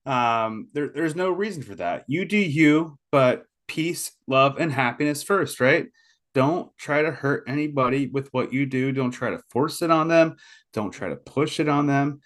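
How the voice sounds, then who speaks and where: Male podcast co-host, mid-pitched, relaxed, blunt plain talk. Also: a little slow. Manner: easygoing, speaks in short plain maxims. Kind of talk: casual chat.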